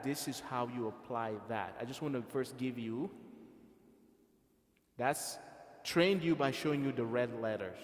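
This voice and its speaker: A man teaching a Quran reading class, patiently encouraging students and calling on them by name. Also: medium pitch. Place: large echoey mosque hall. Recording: echoey hall reverb.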